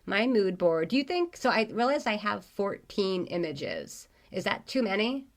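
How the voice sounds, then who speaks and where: A young adult woman co-hosting a podcast in casual chat, agreeable and quick to laugh, slightly wheezy from bronchitis. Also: medium pitch, big pitch swings. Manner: agreeable, laughs easily, frequent backchannel. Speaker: podcast co-host.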